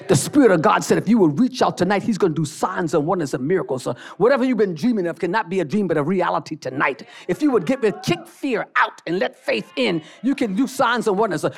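A preacher delivering a fiery church sermon, repeating phrases, calling for the congregation to answer, and bursting into shouts. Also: medium pitch, gravelly.

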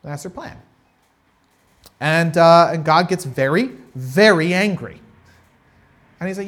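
A male pastor delivers a sermon in a loose, conversational way, breaking into little acted-out voices for the people in his story. His voice sits high for a man and swings widely in pitch. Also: takes it slowly, pauses often. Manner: conversational, animated, acts out quotes.

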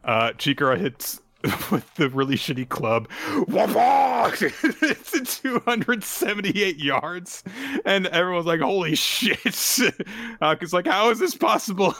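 A man co-hosting a casual podcast, retelling a manga chapter and acting out its characters' lines in quick voices. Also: on the high side, sing-song, bright, forceful tone, no echo. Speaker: podcast co-host. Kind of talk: casual manga recap chat.

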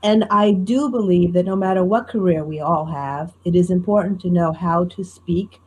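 A middle-aged woman with a faint New Jersey accent, a professional storyteller talking in a lively, self-deprecating way in an interview. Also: lowish voice, moderate pace, husky. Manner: animated, self-deprecating, tells anecdotes with quoted dialogue. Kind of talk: conversational interview.

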